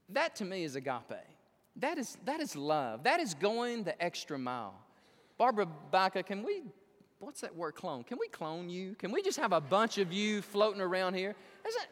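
A man's voice: high voice, moderate pace, long reverb tail, a faint crowd, slight background noise. A man preaching a sermon to his congregation, repeating words and talking straight to the people in the pews. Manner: animated preaching with repetitions and asides to the congregation. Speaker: pastor. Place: church sanctuary.

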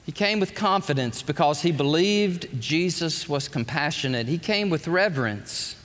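A middle-aged man preaching a sermon, swinging from loud, rising passages to quiet, low stretches. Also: expressive, moderate pace. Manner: impassioned, swings from loud highs to soft lows. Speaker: pastor. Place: large church sanctuary. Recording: long hall reverb from a live church service.

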